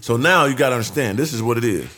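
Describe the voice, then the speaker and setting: A man spins a story at a fast clip as a guest in a casual chat, his delivery loose and animated. He leans hard on profane street slang and slips into acting out what other people said. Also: medium pitch. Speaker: podcast guest.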